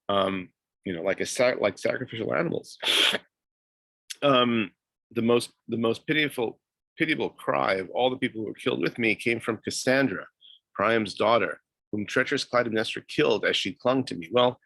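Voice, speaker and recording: A man's voice: medium pitch, moderate pace, vocal fry, fairly bright tone, no room sound. A man giving a university lecture, hesitant, with many fillers and restarts.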